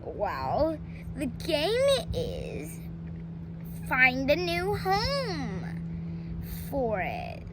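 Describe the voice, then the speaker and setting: Woman doing male cat villain, grumpy, impatient, demanding, high voice, noisy recording. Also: very animated, slow pace, exaggerated voice.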